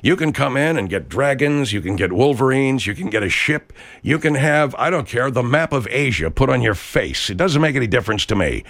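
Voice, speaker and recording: A man voicing a washed-up, boastful tattoo artist in a comedy radio sketch, talking in a low, rambling drawl. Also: animated, brisk, creaky, a bit bright. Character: washed-up gravel-voiced male tattoo artist.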